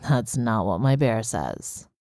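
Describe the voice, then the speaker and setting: Furious young bear shifter, slow and menacing, a woman reads him. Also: a bass voice, animated, dark tone, no echo, studio quality, voice pushed down, heavily acted. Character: angry young male bear shifter, possessive.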